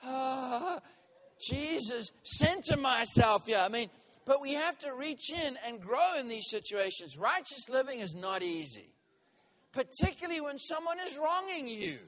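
A man preaching a sermon as a minister, reading scripture slowly and telling a story that grows loud and heated as he gets worked up. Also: very high-pitched. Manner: animated storytelling, voice rising sharply when worked up; reads scripture slowly and deliberately.

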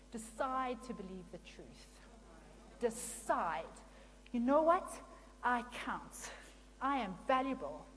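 A woman giving a sermon-style talk, lively and conversational, often turning to the audience with questions. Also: a little high. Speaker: Christian speaker and counselor. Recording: long hall reverb with faint hum.

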